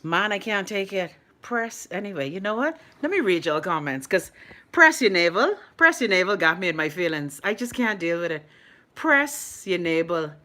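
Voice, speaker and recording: A playful, animated Bahamian woman runs a live stream from her phone, laughing often as she chats and reads out what viewers write. She speaks at a normal speed in a voice on the low side.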